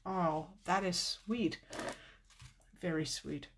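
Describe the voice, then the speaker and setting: An older woman hosting a casual live craft stream, chatting warmly with viewers, teary with a slightly stuffy nose. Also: on the low side, slow, a little hiss or hum. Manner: chatty and tearful, reading viewer comments. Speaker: card-making video host.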